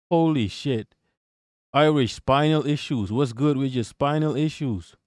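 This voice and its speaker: A man's voice: medium pitch, a little slow, no echo. Man, livestream host, slangy and profane, dry close sound. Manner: profane, slangy, shouts out chat. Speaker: livestream host reacting to a video. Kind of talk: casual livestream commentary.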